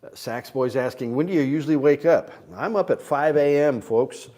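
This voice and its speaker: A man's voice: medium pitch, moderate pace, dark tone. A man casually hosting a morning livestream, chatting with viewers and reading their comments aloud. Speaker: livestream host selling instruments. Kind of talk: casual live-stream chat.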